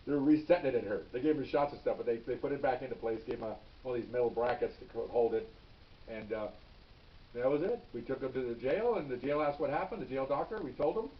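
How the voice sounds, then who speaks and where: Older ex-cop telling a story from afar. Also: male voice, mid-range voice, fast talker. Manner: plain-spoken, repeats words, checks in with "okay?". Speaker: retired police officer. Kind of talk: casual spoken storytelling. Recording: distant, dull lo-fi recording.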